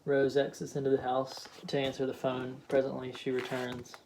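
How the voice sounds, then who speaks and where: Brief: male audiobook narrator, matter-of-fact stage directions, monotone. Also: mid-range voice, moderate pace, creaky, background noise. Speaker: audiobook reader.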